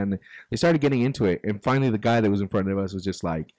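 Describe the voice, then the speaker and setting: A man's voice: on the low side, rapid-fire, no room sound. Man telling a story in a dry studio. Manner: animated, profane, acts out quotes. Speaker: podcast co-host. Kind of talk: casual storytelling. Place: recording studio.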